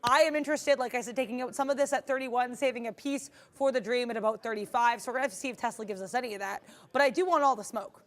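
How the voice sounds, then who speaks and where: A woman's voice: a little high, fast, hardly any pauses. A woman co-hosting a live trading stream, chatting in an upbeat, rambling way about her positions and reading a sponsor spot. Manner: upbeat, rambling, many fillers and restarts. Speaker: day-trading stream co-host.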